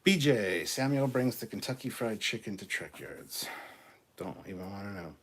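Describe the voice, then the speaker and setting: A man's voice: on the low side, expressive, normal speed, a bit bright, breathy edge. A man hosting a casual livestream, reading viewer comments and answering them in a blunt, profane, argumentative way.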